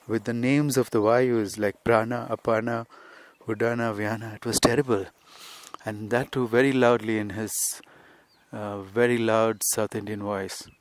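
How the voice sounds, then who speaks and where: A man's voice: mid-range voice, no room sound. Man musing through an outdoor podcast lesson. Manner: conversational, rambling, with frequent "you see". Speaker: spiritual teacher and podcast host. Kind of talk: unscripted podcast teaching. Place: outdoors on a hillside.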